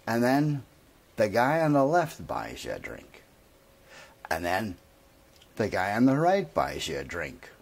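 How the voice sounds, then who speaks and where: A man's voice: on the low side, huge pitch swings, a little slow, creaky, pauses often, husky, heavily acted. A man voicing a naive, earnest traveler from Cleveland describing his tavern.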